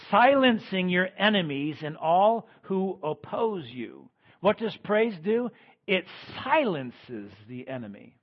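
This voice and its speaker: Male pastor, sermon, high husky voice, loud-and-quiet emphatic preaching, dull lo-fi recording.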